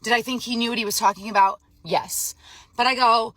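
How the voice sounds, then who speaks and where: A woman's voice: fairly high pitch, fairly even intonation, brisk, fairly bright tone, dry recording. A young adult woman, emotionally drained, telling to camera how she was scammed, in a frazzled, upset way. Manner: frazzled, emotional, retelling a phone scam with quoted dialogue. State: emotionally drained, near tears. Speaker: vlogger. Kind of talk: casual storytelling to camera.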